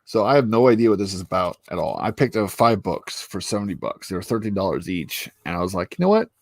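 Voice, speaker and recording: A man's voice: sits low, quick pace, no echo. A man hosting a casual chat with friends, crude and teasing, who laughs a lot and acts out mocking voices. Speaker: streamer host.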